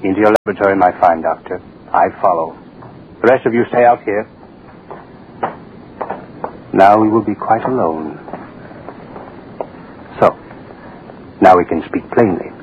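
An actor playing an arrogant, menacing state official who speaks curtly and with contempt, in 1940s radio-acting style. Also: male voice, low voice, unhurried, pauses often. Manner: curt, domineering, contemptuous. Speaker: propaganda official, His Excellency. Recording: dull old radio recording with faint hiss.

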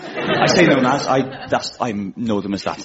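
A Welsh man in his twenties hosting a radio comedy show, telling rambling, self-deprecating stand-up with quick asides. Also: medium pitch, lively intonation, over a noisy crowd, very noisy. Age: 20s. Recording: lo-fi radio studio with audience laughter. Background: studio audience laughing.

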